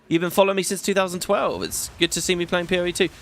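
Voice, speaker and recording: A man's voice: high voice, flat delivery, very fast, a bit bright. A British man in his thirties chatting casually and rambling while playing a video game. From Britain. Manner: chatty, rambling, swears, many restarts. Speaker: gaming YouTuber. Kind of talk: casual gameplay commentary.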